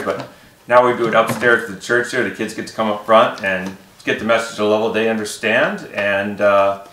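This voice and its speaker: A man's voice: lowish voice, sharp tone. A man talking casually about puppetry as a guest, rambling with many fillers. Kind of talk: casual interview chat. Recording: echoey room.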